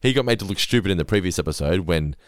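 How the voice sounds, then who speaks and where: A man co-hosts a podcast, recapping episodes in chatty, casual talk. His voice is very deep, yet his pitch moves in a lively way, and he swears freely. The sound is dry and close. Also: racing, dry recording. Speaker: podcast co-host. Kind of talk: casual chat.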